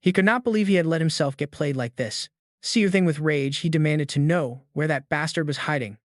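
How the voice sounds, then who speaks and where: A man narrating a comic-fantasy story recap in a brisk, dramatic storytelling manner. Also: a little high, dry recording, clean studio sound.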